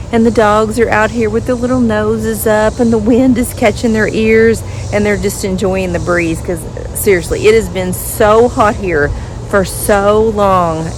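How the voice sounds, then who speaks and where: A chatty woman with a drawl talks casually to camera at a mid-range pitch. She is recorded outdoors with faint background noise behind her. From Western Kentucky. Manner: chatty, talks to her dogs in a sing-song voice. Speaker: vlogger. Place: outdoors at home.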